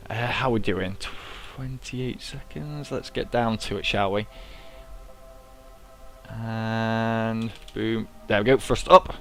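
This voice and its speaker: A man's voice: on the low side, steady tone, slow pace, fairly bright tone, soft background music. A young man giving casual, self-mocking commentary as he plays a game, talking himself through each step. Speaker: gaming YouTuber. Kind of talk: casual let's-play commentary.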